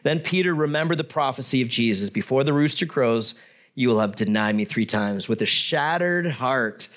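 A man's voice: mid-range voice, lively intonation, normal speed, a bit bright. A middle-aged man preaching a sermon, reading scripture aloud and adding conversational, joking asides. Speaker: pastor.

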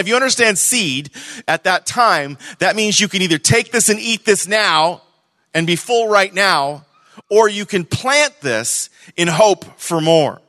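A man preaching a sermon to a church congregation, conversational and animated, swinging between loud emphasis and hushed moments. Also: high voice, no room sound. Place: church service.

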